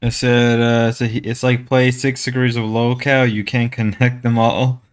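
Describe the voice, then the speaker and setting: A man talks casually on a live stream, thinking aloud and circling back to the same points. His voice is mid-pitched and plain. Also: level tone, moderate pace, clear, resonant tone.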